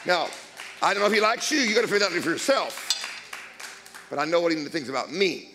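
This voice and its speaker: A man preaching as a guest speaker, blunt and emphatic, swinging between quiet asides and loud declarations. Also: on the high side, sing-song, fast talker, noisy background. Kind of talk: sermon.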